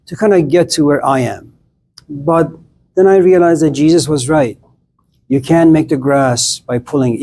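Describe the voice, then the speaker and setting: A middle-aged man gives a casual, blunt philosophy lecture, chatting directly to his students and acting out little scenes. His voice is fairly high with a darkish tone, and there's a slight hiss or hum in the recording.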